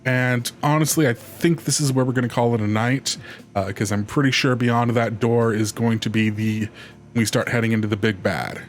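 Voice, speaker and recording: A man's voice: medium pitch, fairly even intonation, moderate pace, slight background noise. A man hosting a live game stream, chatting casually and rambling with many restarts. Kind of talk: casual let's play commentary.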